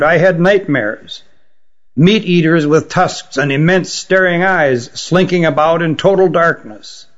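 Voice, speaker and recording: A man reading an audiobook, voicing an ancient, remorseful queen with a slight rasp. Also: on the high side, pitched above the performer's own voice. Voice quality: raspy. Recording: dull lo-fi recording.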